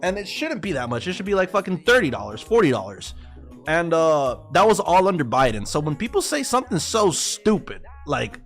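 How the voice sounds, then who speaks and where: Hosting a trading livestream, a forex trader rants heatedly and profanely about politics, calling his viewers boys. His high voice is sing-song and brisk, with soft music in the background.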